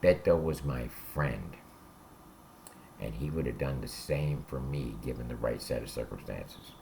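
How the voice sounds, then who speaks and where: There's background noise as a bass-voiced man with vocal fry tells his prison stories at a measured pace. He served time and now recounts it casually, bluntly and profanely, repeatedly asking "all right?"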